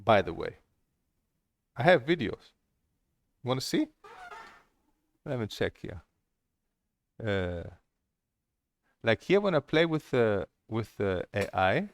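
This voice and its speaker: A man's voice: fairly low pitch, big pitch swings, takes it slowly, long pauses. A middle-aged man, a table tennis coach, rambling candidly through stories and plans, swearing freely as he talks. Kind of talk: casual rambling monologue.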